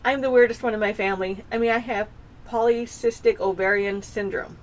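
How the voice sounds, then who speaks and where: A woman's voice: mid-range voice, steady tone, a little fast. A woman in her thirties talking at home in a casual personal vlog, rambling and confessional, often circling back and restarting her sentences. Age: 30s. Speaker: vlogger. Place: home with dogs nearby.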